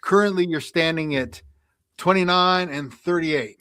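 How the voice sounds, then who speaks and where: A man co-hosting a radio show, chatting casually and running a quiz, animated and laughing as he tells stories. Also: fairly high pitch, measured pace, no room sound.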